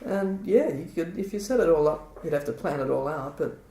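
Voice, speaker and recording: Higher-voiced chatty male host. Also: animated, brisk, mellow, distant mic. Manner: chatty, trailing off, many fillers. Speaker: podcast host. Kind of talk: casual interview chat. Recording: roomy echo.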